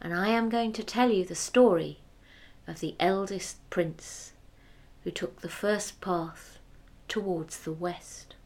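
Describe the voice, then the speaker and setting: A woman telling a fairy tale aloud, expressive, dropping to whispers for effect. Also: lowish voice, takes it slowly. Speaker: storyteller. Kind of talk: oral fairy-tale storytelling.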